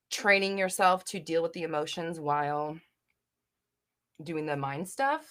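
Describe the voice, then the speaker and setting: A young woman with a low, bright voice and a forceful tone hosts a live Q&A chat from home, using a desk microphone. She reads viewers' comments aloud, chatty and giggly, with plenty of fillers and the occasional swear.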